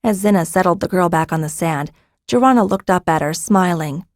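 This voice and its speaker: A woman's voice: lowish voice, brisk, darkish tone, no echo, clean studio sound. Woman narrating a fantasy audiobook.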